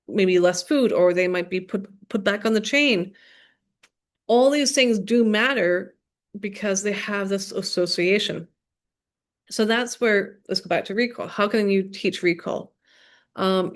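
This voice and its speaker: A woman giving a dog training workshop, explaining steps in an upbeat, demonstrative way, recorded at her computer. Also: medium pitch.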